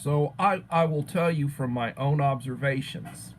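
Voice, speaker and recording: A middle-aged Texan man hosts a casual livestream chat, greeting viewers by name and repeating words while he thinks. His voice is a little high and a little slow. The recording is rough, with a slight hiss or hum.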